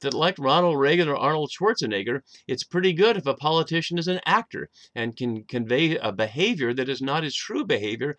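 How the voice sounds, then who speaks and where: A man's voice: fairly high pitch, lively intonation, a little fast, hardly any pauses, a bit bright, no echo. A man lecturing on a Bible passage, thoughtful and explanatory, with frequent fillers. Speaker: Bible teacher. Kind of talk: lecture on scripture.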